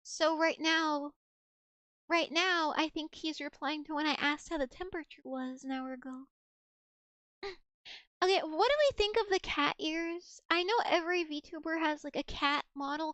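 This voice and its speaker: A young woman with a very high voice chats on a live stream from home, close on a desk mic. She coos fondly at her cat and rambles with little restarts. The sound is dry and close, with no room echo. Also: normal speed, fairly bright tone. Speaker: VTuber streamer. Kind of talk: casual live-stream chat.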